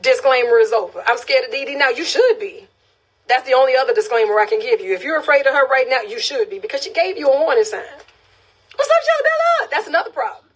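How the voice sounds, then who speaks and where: A woman's voice: high voice, fast, breathy edge. A woman from Louisiana with a Louisiana accent hosting a casual phone live stream. She reads viewer comments, laughs often and repeats phrases for emphasis. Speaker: livestream host.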